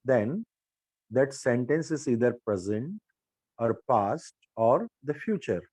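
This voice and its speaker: A man's voice: medium pitch, animated, slow pace, darkish tone, no room sound, poor audio. An older man with an Indian English accent, teaching a spoken grammar lesson and repeating drill sentences aloud.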